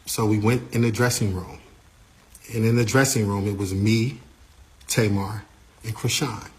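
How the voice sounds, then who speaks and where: A man, an artist's manager, recounting a backstage incident in a lively, casual way, repeating himself and using slang. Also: lowish voice, unhurried. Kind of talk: animated storytelling.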